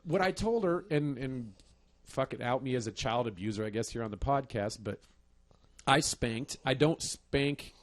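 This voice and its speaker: A man's voice: mid-range voice, normal speed. A man in his thirties chatting on a podcast, telling a profane story about his kids with frequent laughter. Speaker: podcast host. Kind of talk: casual chat.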